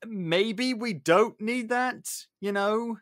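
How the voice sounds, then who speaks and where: A man hosting a podcast, retelling a film plot in animated, jokey casual chat. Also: high voice, slow pace, no echo, clean studio sound. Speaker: podcast host.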